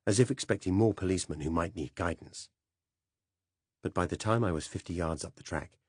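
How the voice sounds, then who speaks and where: A man narrating an audiobook in a measured, dramatic first-person telling. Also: low-pitched, darkish tone, husky, no room sound, studio quality.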